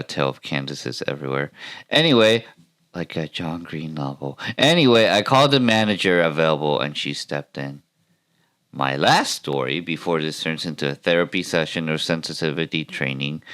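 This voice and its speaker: A man's voice: extremely low pitch, fairly bright tone, clear, resonant tone. A man hosting a podcast, ranting about retail work in a wry, self-mocking way with rambling asides. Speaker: podcast host. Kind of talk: comedic retail-work rant and video reactions.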